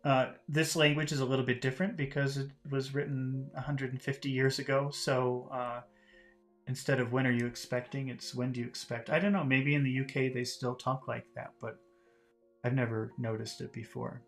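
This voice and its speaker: A man teaching English, reading a novel aloud and explaining vocabulary in a relaxed way, with many fillers and restarts. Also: mid-range voice, normal speed, soft background music.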